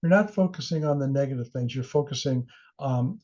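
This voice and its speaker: A man's voice: medium pitch, a little fast, mellow. A middle-aged man presenting a training webinar in an earnest, encouraging way, sometimes acting out the voices he quotes. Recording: dull lo-fi webinar audio.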